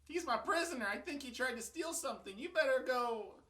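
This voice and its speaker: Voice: high-pitched, animated, a little fast, fairly bright tone, pitched above the performer's own voice. A speaker voicing a cocky young vizier in a comedic retelling, making mock threats. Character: scheming powerful young man, Egyptian vizier.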